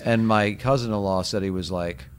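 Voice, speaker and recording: A man's voice: fairly low pitch, fairly even intonation, a little hiss or hum. A man in casual podcast conversation who stops and restarts his sentences as he thinks aloud. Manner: halting, restarts a lot while thinking aloud.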